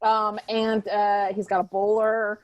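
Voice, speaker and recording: A woman's voice: medium pitch, flat delivery, slow, highs cut off, crowd noise. A woman hosting a podcast, chatting casually and laughing often as she recaps. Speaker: podcast host. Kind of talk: casual chat.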